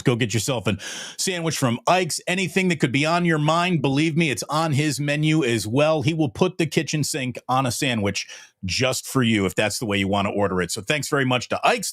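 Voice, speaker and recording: A man co-hosting a casual sports talk show, wry, with low drawled punchlines. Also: a bit bright, no echo, studio quality. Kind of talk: casual sports podcast chat.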